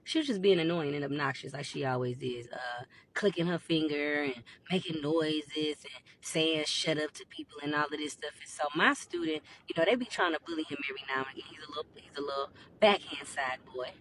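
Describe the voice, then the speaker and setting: A woman working as a school behavior interventionist, ranting to camera in a blunt, profane, emphatic way and building up to near-shouting. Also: low-pitched, fairly quick, hardly any pauses, slight background noise.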